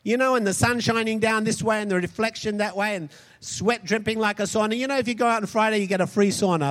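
A man preaching a sermon, emphatic and calling out to the congregation for responses. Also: sits high. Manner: emphatic, calls out for audience responses. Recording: long hall reverb.

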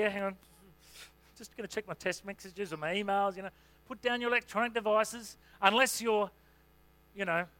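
With a high-pitched voice, this man preaches as senior pastor. His sermon is easygoing and conversational, with "you know" dropped in frequently.

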